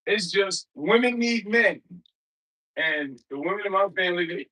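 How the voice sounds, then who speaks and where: A man with a high voice chats on his livestream, loose and slangy, drifting from thought to thought. His tone is bright and forward. He keeps breaking off to greet viewers in the chat by name. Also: animated, a little slow, poor audio. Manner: rambling, talks straight to viewers in chat; loose, slangy everyday speech. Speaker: livestream host.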